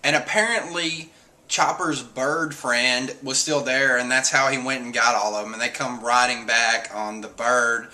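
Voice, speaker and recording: A man casually recapping a comic chapter, animated, often laughing and acting out lines in squeaky voices. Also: measured pace. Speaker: manga chapter reviewer.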